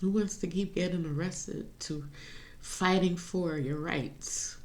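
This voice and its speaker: A woman's voice: lowish voice, takes it slowly, darkish tone. A woman talking in a personal vlog, rambling and confessional, laughing to keep from crying. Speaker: vlogger.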